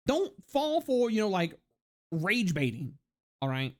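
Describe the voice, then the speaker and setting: Lively, rambling live-streamer ranting casually. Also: mid-range voice, a little slow. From United States. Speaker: livestreamer.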